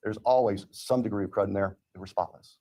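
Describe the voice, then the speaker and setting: A man speaking as a prosecutor in court, delivering a formal, measured legal statement. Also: fairly low pitch, mellow.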